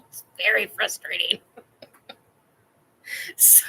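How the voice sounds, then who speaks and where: A woman's voice: medium pitch, takes it slowly, long pauses, fairly bright tone, breathy edge, rough recording. A woman hosting a casual chat show, telling a funny personal story in a candid, blunt way and laughing often. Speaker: podcast host.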